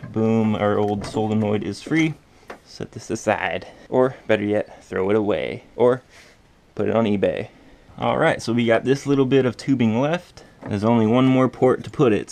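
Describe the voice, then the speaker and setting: Man, gravelly voice, lowish pitch, casual car install tutorial, mutters and curses while working. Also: a little mellow, slight background noise. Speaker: car DIY vlogger.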